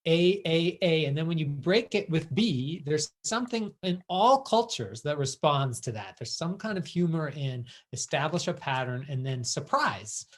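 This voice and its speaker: A man's voice: on the high side, animated, moderate pace, hardly any pauses. A man interviewing a guest with thoughtful, curious questions over a video call. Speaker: interviewer, author. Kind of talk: conversational interview.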